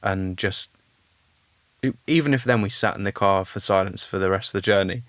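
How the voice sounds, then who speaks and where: A man's voice: low-pitched, moderate pace, a bit bright, dry recording. A young man speaking as a podcast guest in a candid, reflective conversation, thinking aloud earnestly.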